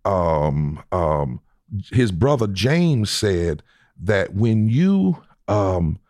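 Deep-voiced preacher man, dry close sound. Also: very animated, very slow, darkish tone, no room sound. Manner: preacherly, cites scripture, emphatic repetitions. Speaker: guest preacher. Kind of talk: conversational interview answers.

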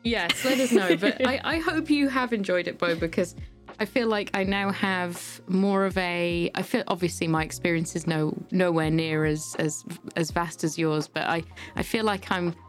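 Over soft background music, a podcast co-host with a lowish voice talks at a normal pace. Her casual chat wanders, packed with filler words and restarted sentences.

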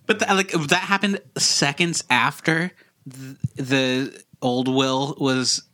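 A man's voice: mid-range voice, steady tone, slow, pushed and bright, dry recording, studio quality. A man in casual podcast chat, making wry critical comparisons. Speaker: podcast co-host.

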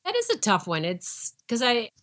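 A woman co-hosting a podcast in casual conversation, chatty and quick to laugh. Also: a little high, huge pitch swings, a bit bright. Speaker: co-host.

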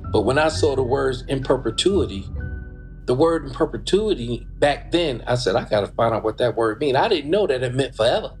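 A man's voice: mid-range voice, animated, brisk, darkish tone, faint music behind. A man recalling events in a plainspoken, conversational way as an interviewee. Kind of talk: casual recollection.

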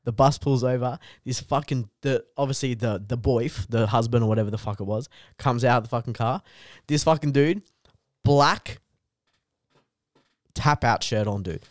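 A man's voice: mid-range voice, normal speed, dry recording, studio quality. A young man, a comedian guest, telling a story in casual podcast chat with lots of swearing. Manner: animated storytelling, heavy swearing.

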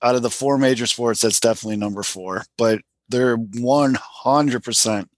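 A man's voice: medium pitch, moderate pace, dry recording. Podcast guest: man, talkative and keen, recorded dry. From Chicago, USA. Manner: enthusiastic, talkative, explains at length. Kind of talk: casual chat.

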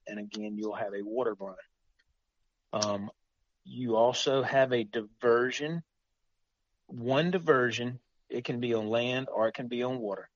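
A man's voice: medium pitch, muffled recording. A man explaining the rules of retriever tests in a casual chat. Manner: explains rules plainly, agrees often.

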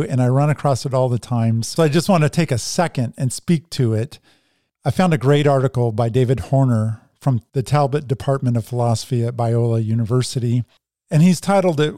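A man's voice: medium pitch, warm tone, no room sound, studio quality. A man teaching a Bible passage in a conversational lecture style, reading quotations aloud from articles. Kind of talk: teaching talk on scripture.

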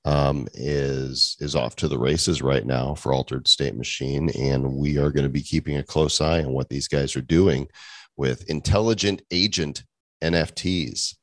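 A man's voice: a bass voice, steady tone, unhurried, dry recording. A man hosting a podcast in casual chat, upbeat and joking with his co-host.

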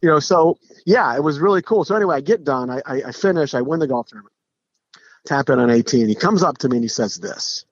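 A middle-aged man, a podcast guest, telling stories in a casual, animated way, with frequent restarts and acted-out quotes. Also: fairly high pitch, quick pace, no room sound. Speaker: podcast guest, pro golfer. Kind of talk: casual storytelling. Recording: dull lo-fi podcast audio.

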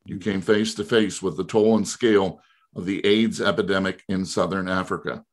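A man hosting a sports interview show, reading formal introductions and questions in a measured way. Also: deep voice, fairly even intonation. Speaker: radio show host.

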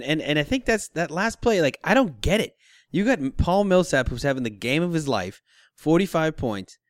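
A man hosting a casual sports talk show, ranting in an animated, incredulous way. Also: fairly high pitch, no echo, clean studio sound.

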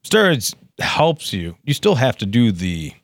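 A man's voice: mid-range voice, very animated, a little slow, no room sound. A man co-hosting a trades podcast, making sarcastic wisecracks in casual chat. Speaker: podcast co-host.

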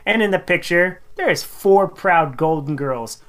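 A woman's voice: on the low side, animated, unhurried. A woman co-hosting a radio show, reading listener tweets aloud in a giggly way and acting out the quoted lines.

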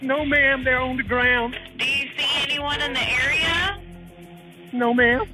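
A woman's voice: high voice, a little slow, pushed and bright, faint music behind, pitched above the performer's own voice. A woman doing an emergency call, caller and dispatcher. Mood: urgent.

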